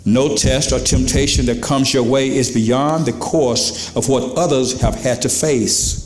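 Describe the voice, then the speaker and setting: A man's voice: mid-range voice, fairly even intonation, a little slow, roomy sound. A pastor preaching to his congregation in a church, in a conversational style with questions to the crowd and quoted voices. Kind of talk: sermon. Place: church sanctuary.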